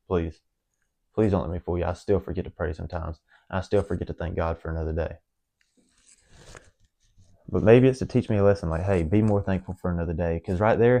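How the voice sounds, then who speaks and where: A young man with a drawl speaks in a lowish voice. He rambles earnestly through a personal confession to the camera, stumbling over restarts and fillers. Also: steady tone, a little fast, creaky, warm tone. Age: young adult. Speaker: vlogger.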